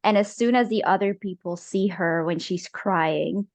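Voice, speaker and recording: A woman narrating as game master of a tabletop game. She speaks slowly and haltingly, pausing often. The sound is dry and close. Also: on the low side, dry recording. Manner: halting, many filler pauses.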